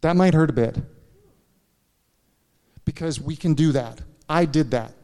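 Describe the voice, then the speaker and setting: A pastor with a warm, slightly high voice delivers his sermon at a measured pace, the sound filling a large hall in the church sanctuary. Candidly sharing a personal story, he makes frequent asides to the congregation.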